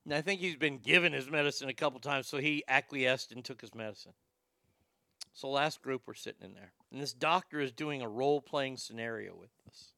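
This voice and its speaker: A man telling a stand-up story, animated and profane, acting out the lines of the people in it. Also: medium pitch, a little fast, vocal fry, dry recording, studio quality. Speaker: stand-up comedian.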